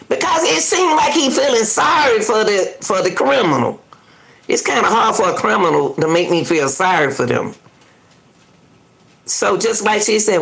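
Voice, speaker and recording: A woman's voice: medium pitch, big pitch swings, a little slow, gravelly, a bit bright. A woman doing live reaction commentary, indignantly arguing back at a news clip and talking straight to her viewers. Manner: indignant, argues back at the clip, repeats herself; casual and talkative, addresses viewers directly.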